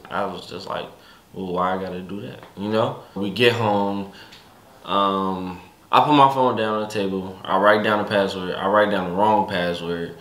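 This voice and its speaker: A young man casually recounting a family conflict in relaxed, slangy speech with many restarts. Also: on the low side, echoey room. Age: young adult. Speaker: son telling his story. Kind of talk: casual storytelling.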